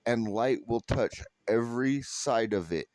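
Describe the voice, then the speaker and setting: A man's voice: mid-range voice, a little slow, a little mellow, no room sound. A middle-aged American man doing a stand-up comedy set, ranting profanely and in exasperation, stumbling over restarts and acting out voices he quotes. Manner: acts out quoted voices mid-rant.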